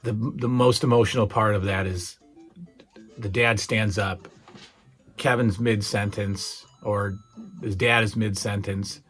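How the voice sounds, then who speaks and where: A middle-aged channel host casually and hesitantly talks through memorable TV moments, full of fillers and restarts, with a touch of emotion as retelling scenes works him up. His voice sits on the low side, steady, unhurried, a bit bright and slightly rough, over soft background music.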